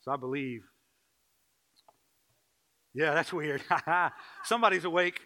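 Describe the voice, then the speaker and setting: Bright-voiced man preaching with rising passion. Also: rough recording. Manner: swings from quiet and slow to loud, high-pitched impassioned pleading. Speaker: pastor. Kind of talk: sermon.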